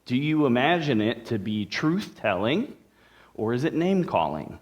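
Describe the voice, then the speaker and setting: A male pastor gives a sermon in a church sanctuary. His voice sits at a middle pitch. He talks in a relaxed, conversational way and drops joking asides to the congregation. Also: moderate pace, dull audio.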